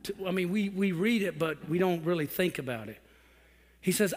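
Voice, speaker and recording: A man preaching a sermon as pastor, rising to fervent shouts and sinking back to a low voice. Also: lively intonation, normal speed. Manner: preaches in swelling shouts, then drops to a low quiet voice. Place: church hall with a congregation. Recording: long hall reverb with faint music.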